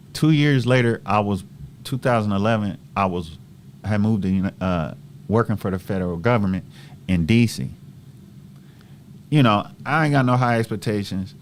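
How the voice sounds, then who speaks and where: A man in his forties from Southern California with a low-pitched voice tells a long personal story. His delivery is animated and profane, and he acts out the dialogue of everyone in it. A faint hum sits behind him. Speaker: host. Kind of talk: casual storytelling monologue.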